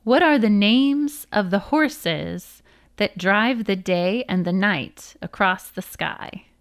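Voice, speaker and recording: A woman's voice: medium pitch, slow pace, clear, resonant tone. A woman voicing a mocking male giant on a moose as she reads a storybook aloud, her tone teasing.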